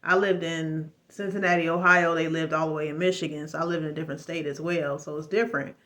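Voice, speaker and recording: A woman vlogger with a low, steady, fairly bright voice talks fast as she shares her own story in a casual, emphatic testimony. She rambles and preaches, with frequent fillers, restarts and religious exclamations.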